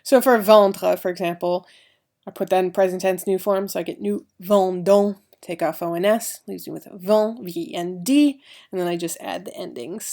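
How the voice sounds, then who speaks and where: A woman's voice: on the low side, moderate pace, darkish tone. A woman teaching a recorded French grammar lesson, explaining each step and spelling out letters.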